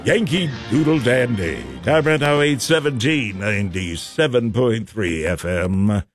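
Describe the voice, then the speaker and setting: A man hosting a morning radio show, reading the weather in a folksy, unhurried way. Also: medium pitch, lively intonation, faint music behind. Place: radio studio.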